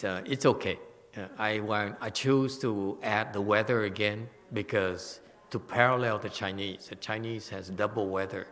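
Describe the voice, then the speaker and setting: A man with a Vietnamese-accented English giving a Buddhist retreat lecture, halting and repeating words, often checking with "okay?". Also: low voice, fairly bright tone. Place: temple hall. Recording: long reverb of a hall.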